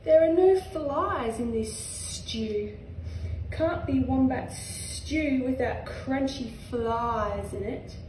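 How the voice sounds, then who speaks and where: A woman's voice: high-pitched, slow pace, a little mellow. A woman with an Australian accent voicing an old, grumpy male blue-tongue lizard who hisses and scolds. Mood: scolding. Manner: hissing and scolding. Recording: echoey room, far from mic.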